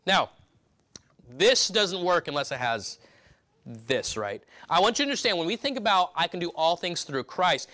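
A man preaching from the pulpit of a church, his voice bright and a little higher than most men's. He speaks emphatically, stumbling into restarts and throwing rhetorical questions at the congregation. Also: big pitch swings, moderate pace. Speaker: pastor. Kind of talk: sermon.

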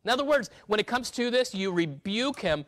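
A male pastor preaching a sermon, emphatic, swinging between loud and hushed delivery. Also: sits high, animated, fairly quick.

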